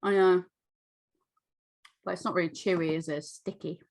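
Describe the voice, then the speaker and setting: An American woman co-hosting a podcast in casual chat, animated and playful, often giggling. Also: on the low side, moderate pace. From United States. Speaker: podcast co-host.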